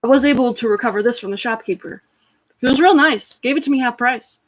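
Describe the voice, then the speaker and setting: A woman's voice: fairly high pitch, quick pace, voice pushed up, natural voice, poor audio. A woman voicing a kind male former arena fighter who speaks earnestly and comfortingly. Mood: friendly. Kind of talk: storytelling with character voices.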